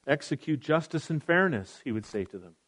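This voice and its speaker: Male pastor, slightly higher voice, conversational preacher who reads scripture and adds asides. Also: lively intonation, a little fast, fairly bright tone. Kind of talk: sermon.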